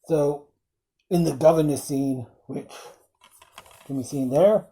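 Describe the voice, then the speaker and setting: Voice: mid-range voice, slow pace, mellow. A film reviewer talking casually, rambling with many fillers and fondly quoting film lines. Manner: fond, quotes film lines.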